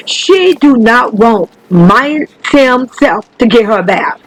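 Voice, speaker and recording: A woman talks her viewers through a life-sim game in loose, animated commentary. She swears freely, laughs a lot and keeps calling her audience baby. Her voice leaps higher whenever something delights or shocks her. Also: slow pace, no room sound, low-quality recording. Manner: animated, chatty and profane, calls viewers baby; laughs often, voice jumps high when excited. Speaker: gaming channel host. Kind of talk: casual gameplay commentary.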